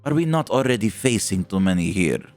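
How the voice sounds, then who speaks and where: A man's voice: lowish voice, very animated, fairly quick, darkish tone, no echo, soft background music. A man voicing a cold young woman sorceress who rules a demon realm.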